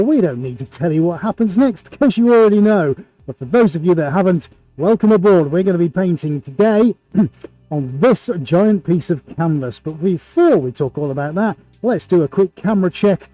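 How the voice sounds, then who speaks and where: Soft music plays behind a middle-aged man running a live painting stream from his multi-camera home art studio. His voice is high, mellow and animated at a normal pace, and he delivers upbeat, jokey, chatty patter with plenty of showman energy.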